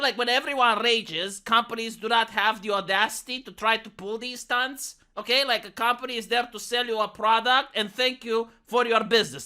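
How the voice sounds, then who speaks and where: A man's voice: very high-pitched, pushed and bright. A man from Romania, who rants sarcastically in a casual vlog. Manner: sarcastic, ranting. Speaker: vlogger. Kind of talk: casual opinion rant.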